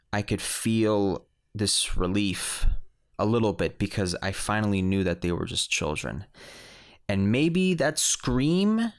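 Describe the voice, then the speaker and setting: A man's voice: on the low side, clear, resonant tone. A man casually telling a personal story on a podcast, rambling with many restarts and fillers.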